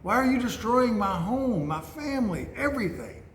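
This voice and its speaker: Man playing a wounded, bewildered orangutan; higher voice, roomy sound. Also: expressive, moderate pace. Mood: anguished. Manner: raised pitch, pained questioning. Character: anguished male orangutan losing his home. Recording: echoey room, faint noise.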